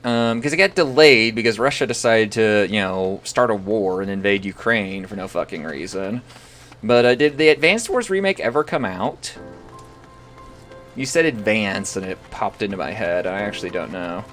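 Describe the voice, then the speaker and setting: A man's voice: fairly low pitch, moderate pace, fairly bright tone, faint music behind. A young man talking casually on a live stream, rambling and swearing freely.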